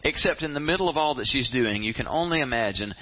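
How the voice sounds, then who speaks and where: Animated, husky-voiced preacher man. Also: mid-range voice, fast. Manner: animated storytelling, addresses the audience directly. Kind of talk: sermon. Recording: dull lo-fi sound.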